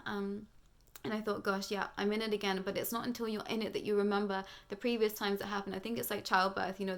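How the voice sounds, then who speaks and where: Brief: young British woman, spiritual vlog host, meandering and earnest, flat delivery with little melody. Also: medium pitch. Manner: rambling, earnest, full of fillers. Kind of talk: personal spiritual monologue.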